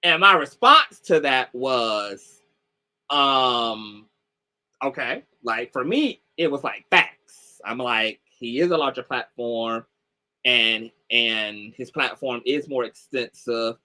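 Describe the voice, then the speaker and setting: This online commentator, a man, recounts a story casually on a livestream call, peppering his loose chatter with "like" and "y'all." His mid-range voice is expressive and sharp in tone, delivered at a slow pace.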